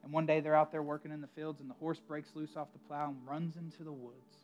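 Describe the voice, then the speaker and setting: Brief: male pastor, sermon storyteller, fairly high pitch, faint music underneath. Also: level tone, fairly quick, darkish tone, highs cut off. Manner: conversational storytelling, emphatic asides.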